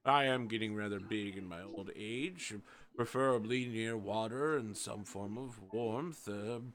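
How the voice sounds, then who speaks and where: A man's voice: lowish voice, measured pace, a bit bright. A man voicing an old male rabbit elder who rambles fussily in a tabletop game. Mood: fussy. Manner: rambling, fretful monologue.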